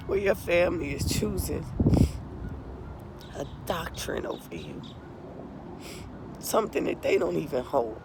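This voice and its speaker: A tearful middle-aged woman pours out an impassioned, profane testimony to her viewers, her gravelly voice swinging widely up and down. Steady vehicle noise hums clearly behind her. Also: sits low. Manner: impassioned, profane, repeatedly addresses viewers as y'all. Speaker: vlogger.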